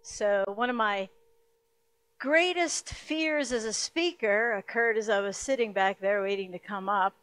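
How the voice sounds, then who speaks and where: A middle-aged woman pastor preaching a sermon to a live congregation. She tells her story earnestly and with emotion, and grows louder and more urgent as she goes on. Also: mid-range voice, unhurried, clear, resonant tone. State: hiccups.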